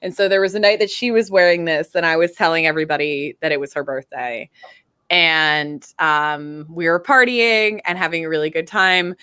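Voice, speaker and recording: A woman chats casually as a guest, rambling and bubbly with plenty of fillers. Her voice sits a little low but sounds bright and crisp. The sound is dry and close. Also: normal speed, dry recording. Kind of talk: casual fan chat.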